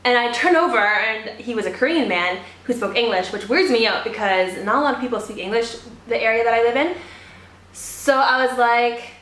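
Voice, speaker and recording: A woman's voice: a little high, normal speed, a bit bright, echoey room. A young woman from Canada chatting casually as she does her makeup for a get-ready-with-me vlog, telling stories with lots of "like". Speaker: beauty vlogger.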